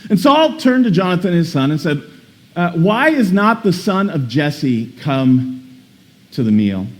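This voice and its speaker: A man preaching a sermon, reading scripture aloud and commenting in a casual, dramatic way with frequent restarts. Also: mid-range voice. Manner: animated, reads scripture then comments with dramatic emphasis; casual asides with repeated word restarts. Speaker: pastor.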